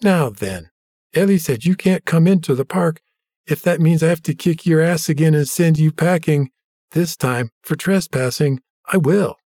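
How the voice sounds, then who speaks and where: A smug, heavyset bully, voiced by a man, taunts with gloating confidence. The voice sits a little higher and louder than the narration, husky and dry. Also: normal speed, dry recording, lightly acted.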